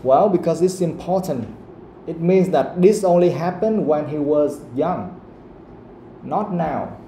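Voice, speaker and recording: A man teaching a live English pronunciation lesson, asking the class the same question again and again and saying the example sentences slowly. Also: fairly high pitch, dark tone. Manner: asks questions again and again, quotes the audio slowly. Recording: echoey room, faint background noise.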